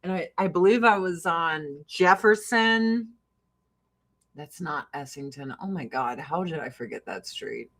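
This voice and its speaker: Her voice is deep, a little slow and fairly bright, caught on a rough recording. A middle-aged woman from Illinois with a Chicago-area Midwestern accent, she chats casually and profanely while selling skincare on a livestream, laughing often and mimicking others.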